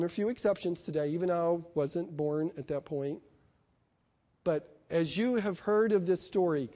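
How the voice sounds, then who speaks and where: Higher-voiced man preaching a sermon. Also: dark tone. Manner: emphatic, conversational preaching with rhetorical questions.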